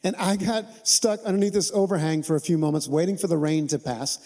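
A pastor delivering a sermon with a high-pitched man's voice. He talks in a relaxed, conversational way, adds humor, and invites the congregation to answer back. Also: a little fast.

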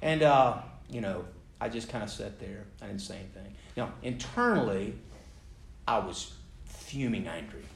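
With a lowish, creaky, sing-song voice at normal speed, this American preacher animatedly relates a story to a live audience, poking fun at himself. Faint background noise sits under the roomy acoustics of the hall.

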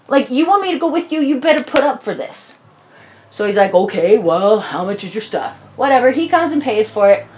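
A woman telling a casual personal story, rambling and swearing freely, acting out quoted dialogue as she goes. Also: medium pitch.

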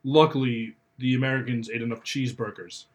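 A man casually commenting on a horror movie with a co-host, teasing with deadpan jokes. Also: medium pitch, a little fast.

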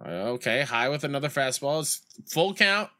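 Animated young man streaming a baseball game. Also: mid-range voice, normal speed. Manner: animated, shouts when plays go wrong; reads chat aloud and tells rambling school stories. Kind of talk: casual gaming stream chat.

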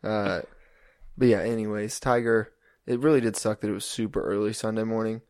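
Gravelly, wry young man. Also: lowish voice, brisk, no room sound, clean studio sound. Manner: relaxed, wry, steers the topics. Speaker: podcast co-host. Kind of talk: casual chat.

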